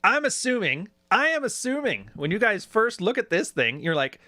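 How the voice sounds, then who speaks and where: This YouTube commentator is a man with a high-sitting voice and a moderate pace, recorded in a clean studio with no room sound. He reacts casually and sarcastically to video clips, staying animated and often slipping into mocking voices when quoting.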